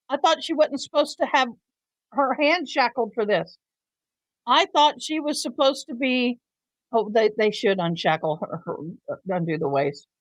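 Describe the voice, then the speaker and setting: A woman's voice: on the high side, no echo, poor audio. Chatty woman hosting a livestream. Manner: chatty, teasing, talks to viewers. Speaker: livestream host. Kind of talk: casual live commentary.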